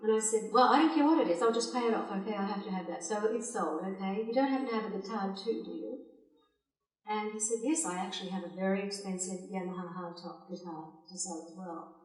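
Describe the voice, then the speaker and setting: A woman's voice: medium pitch, fast talker. An older woman, a singer and music teacher, chatting and laughing as she tells stories between songs at a concert. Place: concert hall. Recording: echoey hall, mic from far off.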